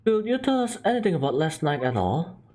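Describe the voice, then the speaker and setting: A polite, earnest young man asking careful, formal questions, as a man reads him aloud from a game. The voice leans high for a man and moves a lot in pitch. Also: big pitch swings, fairly quick, a little mellow. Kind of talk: game dialogue read aloud.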